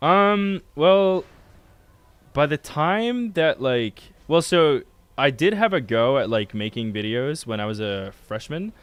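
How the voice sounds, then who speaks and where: A man's voice: a little high, lively intonation, takes it slowly, clear, resonant tone, no echo. A young adult man telling stories in casual chat, joking and crude, loose and rambling. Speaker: video editor and co-host.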